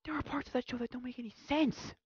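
A man in a casual commentary, mumbling through a passage he reads aloud, then ranting loudly and mocking people in put-on voices. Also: very high-pitched, fairly even intonation, quick pace, husky, dry recording, dull audio.

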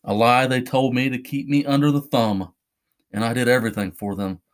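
A bitter, grieving young man pleads with strain in his voice, voiced by a male narrator. He sounds worn down and desperate, in a dark horror story reading. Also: medium pitch, fairly even intonation, brisk, lightly acted.

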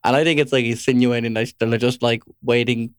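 A man co-hosting a podcast in casual chat, teasing and swearing freely, often clearing his throat. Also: mid-range voice, steady tone, brisk, no room sound, studio quality. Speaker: podcast co-host.

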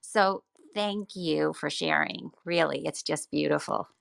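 Gravelly, bright-toned woman co-host. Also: low voice, measured pace, no echo. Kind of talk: personal storytelling in conversation.

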